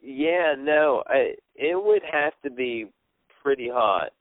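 A man's voice: mid-range voice, slow pace, dry recording. A man hosts a laid-back podcast chat, leaning on filler words as he gathers his thoughts. His voice comes through narrow and tinny, like a phone line. The sound is dry, with no room around it. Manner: relaxed, hesitant with many fillers. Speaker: podcast host.

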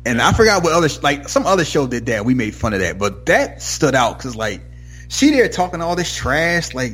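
A man's voice: mid-range voice, a little fast, breathy edge, soft background music. A man casually recapping a TV episode with a co-host, acting out characters' lines as he goes. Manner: animated, acts out characters' lines mid-story. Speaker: podcast co-host.

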